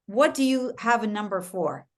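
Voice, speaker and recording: A woman's voice: medium pitch, expressive, moderate pace. Direct woman coaching a workshop. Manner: direct, guiding. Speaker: workshop facilitator.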